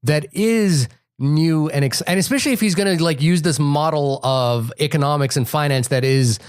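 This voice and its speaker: Halting man reviewing a film. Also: fairly high pitch, clear, resonant tone, no room sound, clean studio sound. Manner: halting, many restarts and repeated words. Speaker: podcast co-host. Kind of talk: casual movie review chat.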